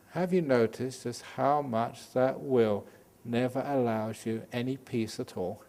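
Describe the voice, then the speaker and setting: Older monk giving a joking Dhamma talk. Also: male voice, mid-range voice, unhurried. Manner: humorous, lively, joking teaching style. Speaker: Buddhist monk and meditation teacher. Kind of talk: Dhamma talk at a day retreat.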